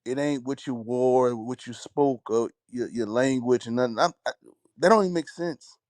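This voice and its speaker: A man in a casual discussion, talking haltingly with trailing sentences and fillers. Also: medium pitch, darkish tone, dry recording.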